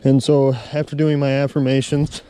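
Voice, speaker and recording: A man in his thirties talks through his day while walking a trail outside. His voice is mellow and warm, and he tells the story in a heartfelt, rambling way. Faint outdoor noise sits behind him. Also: mid-range voice, level tone, moderate pace. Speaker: vlogger. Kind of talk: casual walking vlog. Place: outdoors on a snowy trail walk.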